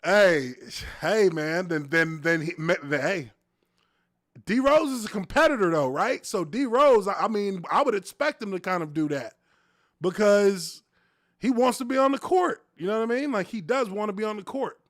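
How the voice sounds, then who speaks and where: A man's voice: high voice, animated, normal speed, a bit bright, no room sound, clean studio sound. A man in his thirties, a former offensive lineman, hosting a casual live stream and telling stories with a lot of profanity and laughter.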